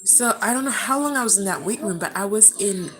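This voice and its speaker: A woman's voice: medium pitch, animated, brisk, background noise. A woman vlogger telling a personal story to camera at home in a casual, passionate and emotional way, often calling her viewers "guys.". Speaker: vlogger answering viewer questions.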